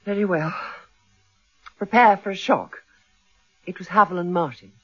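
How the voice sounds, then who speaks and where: A woman's voice: on the low side, moderate pace, a bit bright, husky. An actress playing a poised, wary woman writer in a radio drama, speaking in refined, clipped tones. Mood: shaken, confiding. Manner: refined, clipped speech with nervous stammers. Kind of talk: 1970s radio drama acting. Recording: dull lo-fi radio recording.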